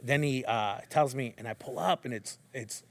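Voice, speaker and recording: A man's voice: medium pitch, normal speed, vocal fry. A man in his thirties, a podcast guest, telling stories in a casual, slangy way and acting out what people said. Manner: animated storyteller, acts out quotes, slangy. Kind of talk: casual storytelling chat.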